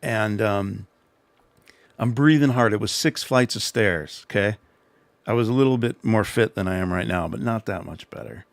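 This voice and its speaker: Middle-aged guy rambling thru an old story, low gravelly voice, dry close sound. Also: normal speed, no echo. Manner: rambling, self-deprecating, frequent restarts. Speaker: livestream host. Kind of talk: casual storytelling advice.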